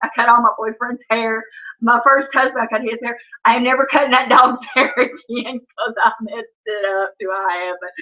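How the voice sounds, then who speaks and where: A woman's voice: a little high, steady tone, a little fast, highs cut off. A middle-aged woman, chatting casually and laughing often on a livestream from her home. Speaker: livestream host. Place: at home, indoors.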